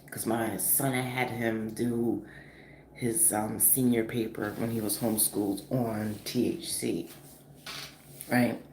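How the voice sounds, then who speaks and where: A woman's voice: a bass voice, takes it slowly. Chatty woman in an echoey room. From northeastern US. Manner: animated, chatty, profane, with frequent fillers. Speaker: vlogger. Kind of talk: casual storytelling vlog. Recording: echoey room with faint noise.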